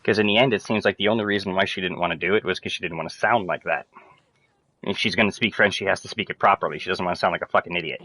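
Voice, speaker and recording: A man ranting casually to viewers, rambling, swearing and turning loud and emphatic. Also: deep voice, very fast, low-quality recording. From Canada. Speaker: streamer.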